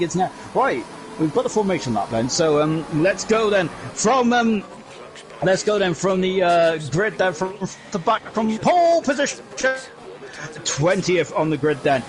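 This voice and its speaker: Brit guy calling an online race, high voice, gets shouty and excited then chats with the chat. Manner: excitable, shouts on big moments, chatty asides. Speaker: sim racing commentator. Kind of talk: live esports race commentary.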